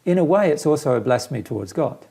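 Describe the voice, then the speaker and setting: A man's voice: fairly high pitch, animated, fast talker, creaky, dark tone, husky. A man who is a spiritual teacher, talking earnestly and patiently in a casual conversation and explaining his ideas with simple everyday examples.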